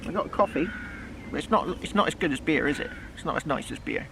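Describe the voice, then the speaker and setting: Brief: West Country man vlogging outdoors, rambling and chatty, slightly high, bright tone, faint background noise. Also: lively intonation, quick pace, vocal fry. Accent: West Country English. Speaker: metal detecting vlogger. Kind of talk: casual outdoor vlog. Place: outdoors in a field, then a pub.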